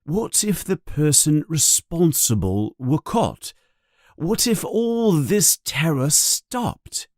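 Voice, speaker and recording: A composed teenage boy prefect, read by a male narrator, answers politely and deferentially. His slow words rise and fall widely in pitch. The sound is dry and close. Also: very animated, darkish tone, no room sound. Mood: earnest.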